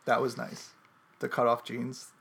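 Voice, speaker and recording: A man chatting casually on a podcast as co-host. He talks in a dry, teasing way and states things flatly, as if they were obvious. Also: mid-range voice, unhurried, gravelly.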